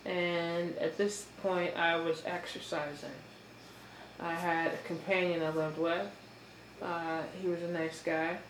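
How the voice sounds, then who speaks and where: A woman talking in a casual, halting monologue full of fillers, chewing as she speaks. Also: on the low side, flat delivery. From United States. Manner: rambling, halting, with many fillers. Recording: echoey room with faint noise.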